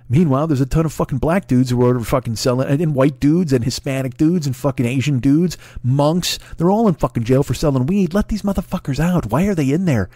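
A man's voice: mid-range voice, a little fast, few pauses, mellow, no echo, studio quality. A man in his forties delivering a solo comedic podcast monologue, ranting and swearing freely, chuckling and restarting sentences as he riffs. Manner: profane, ranting, riffing with laughs and restarts. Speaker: podcast host.

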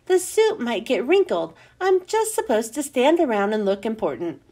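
Woman reader as earnest schoolboy who wants to look important; high, lively, unhurried storybook voice.

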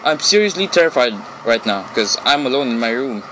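A man's voice: mid-range voice, expressive, brisk, noisy background. A man commenting on a horror game he plays alone in his room, jumpy and nervous, repeating himself and exclaiming. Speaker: let's play gamer.

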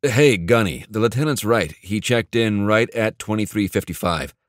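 Brief: male narrator as a low, steady young Marine corporal, plainspoken. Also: moderate pace, dry recording, studio quality, natural voice.

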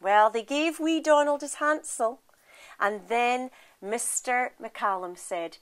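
A woman with a Scottish accent telling a folk tale aloud, expressive and lively, speaking straight to her listeners. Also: fairly high pitch, slow. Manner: lively, expressive, addresses the audience. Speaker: storyteller. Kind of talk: oral storytelling.

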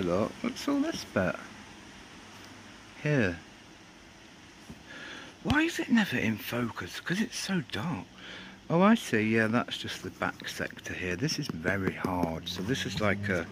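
A man's voice: on the low side, background noise. A man from England rambling through a casual outdoor shoe review, joking and swearing under his breath as he films on a cold day. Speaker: sneaker reviewer.

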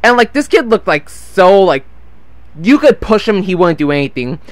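High-voiced rambling teen storyteller man. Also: big pitch swings, moderate pace, no echo. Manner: rambling, swears freely, loses his train of thought. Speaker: gameplay vlogger. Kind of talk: casual storytelling over gameplay.

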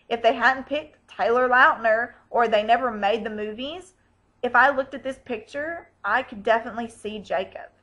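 Gushy excited lady vlogging, bit high voice, casual chatter. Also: poor audio. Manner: bubbly and gushing. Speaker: vlog host. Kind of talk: casual fan vlog chat.

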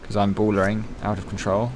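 A man giving profane, excitable, joking let's-play commentary. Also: lowish voice, a little fast, a little hiss or hum. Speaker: gaming channel host.

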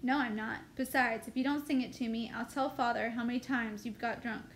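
A woman's voice: fairly high pitch, steady tone, a little fast, slight background noise, lightly acted. A woman reading a novel aloud, voicing a pert, teasing farm boy in a plain, lightly voiced way.

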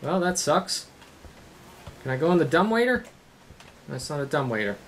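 A gaming host talks through a let's-play, cursing and yelling at the game in frustration. The voice sits at a middling pitch. Steady background noise runs under the recording. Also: normal speed.

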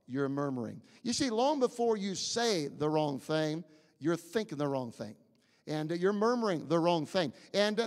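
A male pastor preaching a sermon, emphatic and questioning the congregation, with many fillers and restarts, rising to near shouts. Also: sits high. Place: church sanctuary. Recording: long reverb of a church hall.

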